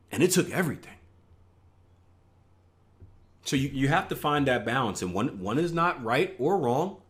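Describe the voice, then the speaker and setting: Trading-coach host, male, mid-pitched, casual explainer who keeps asking "right?" and pokes fun at himself. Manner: conversational, many filler "right?" checks, self-mocking asides. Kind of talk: casual teaching over a screen share.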